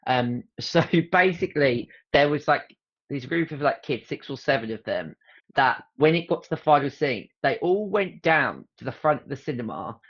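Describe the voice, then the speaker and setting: In dull audio, a man with a medium-pitched voice hosts a podcast at a normal pace. He chats casually, telling lively stories punctuated by laughs and the odd curse.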